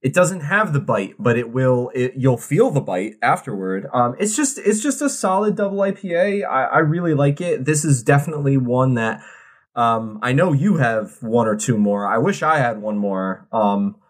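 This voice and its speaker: A man co-hosts a casual beer podcast with an easygoing, rambling way of talking. His pitch sits in the middle, and he drifts between loose chat and reading out a can label. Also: sing-song, normal speed. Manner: laid-back, rambling, reads labels aloud. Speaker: podcast co-host.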